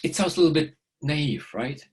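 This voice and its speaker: A middle-aged man giving a video lecture, halting often with fillers and repeated words. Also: a little high, animated, slightly rough.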